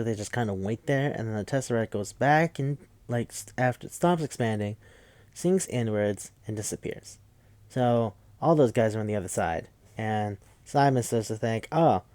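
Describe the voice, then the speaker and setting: A man's voice: fairly low pitch, a little mellow, no echo. A man casually recapping a film plot on a podcast, rambling and profane, with lots of filler words. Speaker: podcast host.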